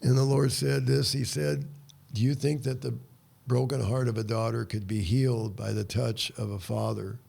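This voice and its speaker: A man's voice: mid-range voice, level tone, moderate pace, gravelly, darkish tone, slightly rough. An older man, a guest on a talk show, earnestly tells a story of ministry and acts out his prayers as dialogue. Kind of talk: storytelling testimony in conversation.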